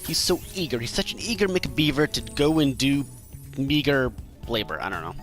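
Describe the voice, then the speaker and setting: A man's voice: medium pitch, lively intonation, moderate pace, a bit bright, faint music behind. A man from Maine giving playful, jokey commentary while playing a game, talking to the characters on screen. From Maine, USA. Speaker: gameplay commentator. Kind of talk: casual gameplay commentary.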